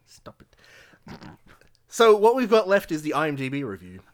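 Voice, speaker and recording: A man's voice: on the high side, expressive, fast talker. A man co-hosting a podcast, reading out comments and answering jokes in a dry, matter-of-fact way. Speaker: podcast co-host.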